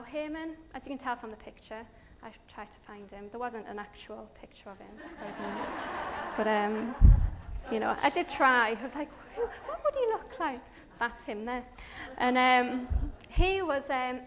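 A woman giving a chatty, animated Bible story talk with slides, full of fillers and asides to her listeners. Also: fairly high pitch, normal speed.

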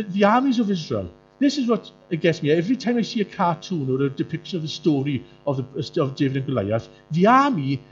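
A male preacher, delivering a sermon in an animated way, often jumping into mocking voices. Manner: animated, jumps into high mocking voices for quoted characters. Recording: muffled lo-fi sound with faint music.

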